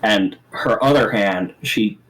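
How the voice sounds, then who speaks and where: A man narrating a tabletop game as game master, halting and repeating words as he describes the scene. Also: fairly low pitch, fairly bright tone, poor audio.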